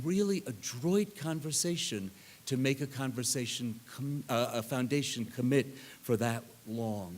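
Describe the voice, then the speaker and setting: An older man speaking at a reunion, telling animated anecdotes and acting out the people in them. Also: medium pitch. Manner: animated anecdote teller, acts out others' lines. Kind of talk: storytelling talk.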